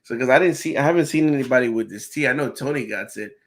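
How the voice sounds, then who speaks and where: A man co-hosting a podcast, telling stories in an earnest, excited way with laughs. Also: mid-range voice, fast. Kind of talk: casual chat.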